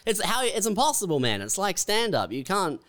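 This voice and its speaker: A man co-hosting a casual comedy podcast, delivering dark absurd jokes in a deadpan way. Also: high voice, fairly quick. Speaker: podcast co-host.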